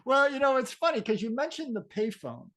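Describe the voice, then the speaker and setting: A man's voice: very high-pitched, very animated, fairly quick, a bit bright. A man co-hosting a podcast in casual chat, explaining things in a talkative way and laughing easily. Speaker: podcast co-host.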